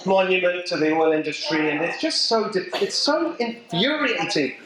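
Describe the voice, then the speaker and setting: A middle-aged man with an English accent speaks to a live audience, emphatic and animated, cracking jokes as he goes. His voice sits a little high for a man. The room rings with a heavy echo. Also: normal speed, crowd noise. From England. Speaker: political speaker. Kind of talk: speech to a local political group. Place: event venue with a live audience. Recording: echoey room.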